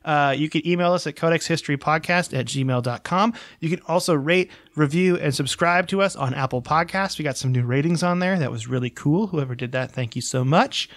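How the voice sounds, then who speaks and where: A man's voice: on the high side, brisk, hardly any pauses, a bit bright, dry recording. A man co-hosting a podcast in casual chat, rambling and self-deprecating as he reads listener emails. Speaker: podcast co-host.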